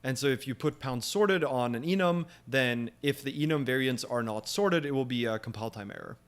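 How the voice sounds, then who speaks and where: A young man leads a live programming session and talks through his reasoning as he goes. His speech is loose and unscripted, full of pauses, fillers and quick restarts. His pitch sits in the middle range for a man. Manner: thinking aloud with many fillers. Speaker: programming stream host. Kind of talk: live coding walkthrough.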